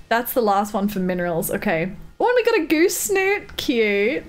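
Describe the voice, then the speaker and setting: Bubbly woman streamer in a put-on accent. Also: a little high. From Australia. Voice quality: doing a put-on accent instead of her normal one. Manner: reads out and thanks chat, laughs often, bubbly. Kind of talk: casual live-stream chat while gaming.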